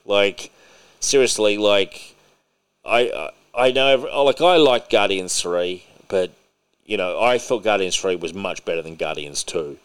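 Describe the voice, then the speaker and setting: A man hosting a podcast in casual chat, excitable and opinionated, swearing freely. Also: on the low side, unhurried, smooth. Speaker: podcast host. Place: podcast recording.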